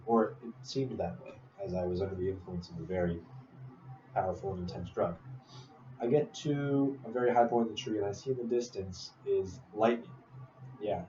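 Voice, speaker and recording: A man's voice: fairly low pitch, dark tone, muffled recording. A young man telling a personal story in a casual, rambling way, full of fillers and asides. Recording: distant roomy mic with noise.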